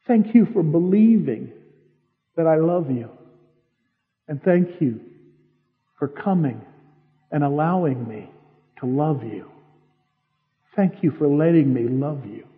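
A gentle, loving heavenly father with a slightly high, soft and reassuring voice, as a preacher puts him on. The recording is muffled and lo-fi, with a long reverb trailing off the walls. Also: expressive, slow, pauses often. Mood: tender. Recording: dull, reverberant hall.

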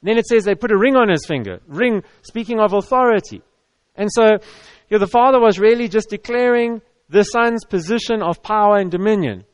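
Speaking at normal speed in a high-pitched voice, a man preaches to an audience in a church hall, conversational and repetitive, often stammering and restarting. The recording has no room sound.

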